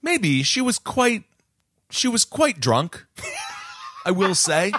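Guy with a kinda high voice rambling through funny stories, dry close sound. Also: very animated, slow, a bit bright, no room sound. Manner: rambling storyteller, acts out quotes. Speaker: podcast co-host. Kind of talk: casual comedic chat. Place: traveling abroad.

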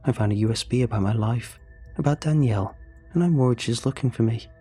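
A man tells a first-person horror tale in a measured, scripted delivery. His voice is dark and husky, and faint music runs underneath. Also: mid-range voice. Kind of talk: scripted horror story narration.

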